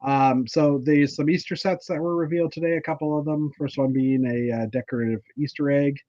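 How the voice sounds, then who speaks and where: A man's voice: fairly high pitch, fairly even intonation, a little fast, dark tone, no room sound, lo-fi sound. A man from Canada hosting a casual livestream chat, rambling with lots of fillers and restarts. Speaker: livestream host.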